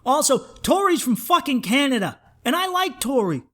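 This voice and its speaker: A man's voice: extremely high pitch, sing-song, normal speed, pushed and bright. A man hosting a comedy podcast, ranting in a worked-up, profane, emphatic way.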